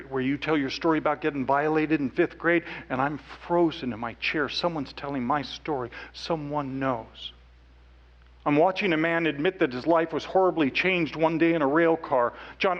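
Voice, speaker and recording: A man speaking on stage, telling a personal story earnestly, dropping to hushed tones at times. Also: fairly high pitch, highs cut off. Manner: earnest, with quiet hushed stretches. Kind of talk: emotional storytelling talk.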